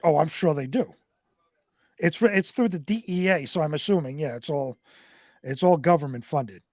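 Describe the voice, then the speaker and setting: A man co-hosting a talk radio show reads strange news items in a fairly high voice. He halts often and trips over words he can't pronounce. The sound is dry and close. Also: a little mellow, no echo. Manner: halting, stumbling over hard words. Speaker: radio co-host reading news. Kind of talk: reading weird news stories on talk radio.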